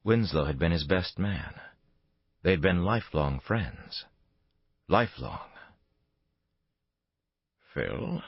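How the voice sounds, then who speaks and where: A man narrating a thriller audiobook in a measured, dramatic storytelling manner. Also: low voice, lively intonation, no room sound. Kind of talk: scripted narration. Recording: dull lo-fi dry recording.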